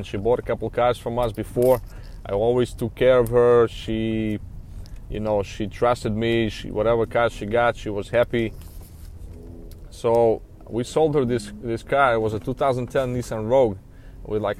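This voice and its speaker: A man's voice: mid-range voice, fairly even intonation, moderate pace, a little mellow. A man who works as a used car dealer, telling a story in a casual, rambling way with lots of fillers and a frustrated edge. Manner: rambling, frustrated, many "you know" fillers.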